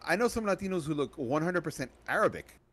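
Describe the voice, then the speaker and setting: A man co-hosting a podcast, asking probing questions in relaxed conversation with joking asides. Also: a little high, fast. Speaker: podcast co-host. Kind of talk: casual movie review chat. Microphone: podcast microphone.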